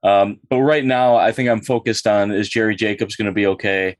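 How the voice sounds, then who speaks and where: A man co-hosting a casual sports podcast, talking in a relaxed, measured way. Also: on the low side, no room sound, studio quality. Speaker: podcast co-host.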